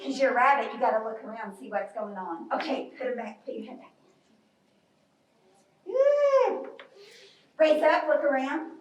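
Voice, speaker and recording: A woman's voice: on the high side, brisk. A woman leading a children's yoga storytime class in a library, cheery and encouraging with small children. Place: library room. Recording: echoey room from far off.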